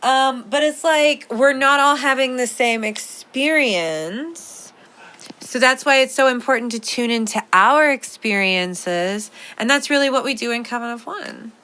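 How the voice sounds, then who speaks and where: A woman's voice: high voice, measured pace, pushed and bright. A woman hosting a podcast in casual chat, rambling playfully with lots of "like" fillers. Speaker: podcast host.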